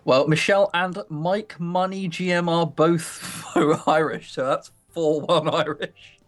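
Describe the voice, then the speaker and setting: A man's voice: on the high side, steady tone, slow, faint music behind. A man streaming a visual novel, chatting casually with a co-player and laughing through teasing banter. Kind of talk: casual live-stream chat.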